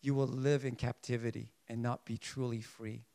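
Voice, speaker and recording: A man preaching a sermon in an earnest way, often restarting his sentences as he searches for words, sometimes rising in emphasis and sometimes going quiet. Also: medium pitch, little pitch movement, moderate pace, gravelly.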